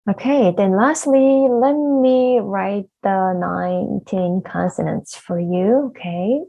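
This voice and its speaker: A woman's voice: mid-range voice, slow pace, vocal fry, few pauses, dull audio. A woman who speaks natively, teaching a lesson in English, patiently repeating each sound one at a time. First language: Korean. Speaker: language teacher. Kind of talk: slow spoken lesson.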